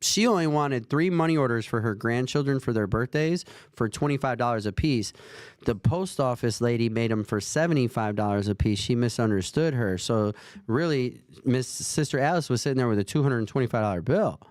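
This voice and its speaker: A man's voice: mid-range voice, animated, brisk, darkish tone, no echo, clean studio sound. A man in his forties telling a rambling, earnest faith story in casual conversation as a host. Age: 40s.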